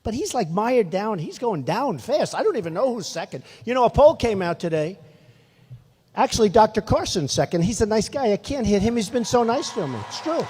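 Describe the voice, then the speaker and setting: A man's voice: sits high, big pitch swings, brisk, dark tone, breathy edge, big-room sound. Older man giving a boastful rally speech. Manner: rambling, boastful, repetitive asides to the crowd. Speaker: political candidate at a rally. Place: large rally venue.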